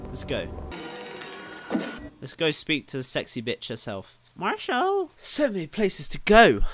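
A young man commentating his gameplay casually, excitable, often swearing and yelling at enemies. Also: fairly high pitch, a little slow, no echo, faint music behind. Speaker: gameplay streamer.

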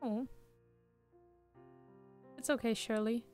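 A woman's voice: on the high side, steady tone, slow pace, darkish tone, faint music behind. A woman reading out the lines of a grieving but hopeful young man in a story game, without changing her voice. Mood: tender. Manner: plain unvoiced reading. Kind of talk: reading game dialogue aloud.

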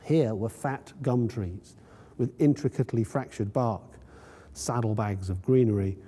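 A man reads his own story aloud in a university room, measured and vivid. His voice is very dark and husky, and a long reverb trails each phrase. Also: medium pitch. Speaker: author reading his story. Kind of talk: literary reading. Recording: long reverb in a lecture hall.

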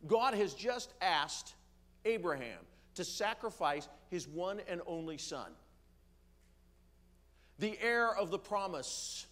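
Man preaching a deliberate sermon. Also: sits high, lively intonation, a bit bright. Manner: slows down to stress key words, some fillers. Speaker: pastor. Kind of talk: sermon reading and explaining scripture. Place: church sanctuary.

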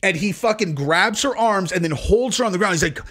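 A man's voice: sits high, expressive, a little fast, fairly bright tone. Man telling a rambling, profane story. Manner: rambling, profane, laughing at his own story. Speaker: podcast host. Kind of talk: casual storytelling.

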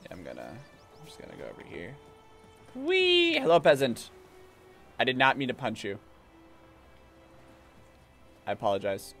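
A man streaming a video game, chatting casually and jokingly, even talking back to the characters. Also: lowish voice, moderate pace, pauses often. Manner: playful, jokey, talks to characters. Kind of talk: casual gameplay commentary. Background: game music.

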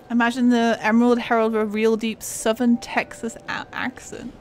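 A woman's voice: on the high side, flat delivery, moderate pace, slight background noise. A woman giving casual, jokey commentary while playing a video game, laughing often. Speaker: gaming streamer.

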